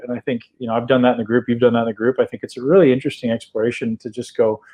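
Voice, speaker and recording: An upbeat man hosts a podcast in relaxed conversation. His voice sits at an ordinary middle pitch, and he keeps checking in with his co-host as he talks. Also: very fast, slightly rough, poor audio. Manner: enthusiastic, repeats "right?" often.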